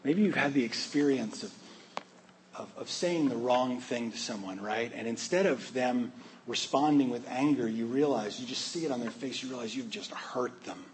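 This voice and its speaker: A man's voice: medium pitch, normal speed, a little hiss or hum, rough recording. A man preaching a sermon in a conversational, joking way, often asking his listeners questions. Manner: conversational, humorous, asks the congregation questions. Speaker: pastor.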